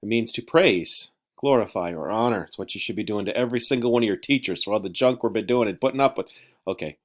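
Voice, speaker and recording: Male teacher, low voice with lively pitch, teasing offhand vocabulary lesson. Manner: joking, teasing, loose and offhand.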